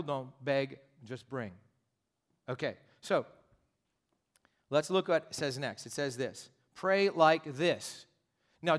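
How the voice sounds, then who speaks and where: A pastor preaching a sermon in a direct, conversational way, driving his points home with emphatic repetition. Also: on the high side. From United States.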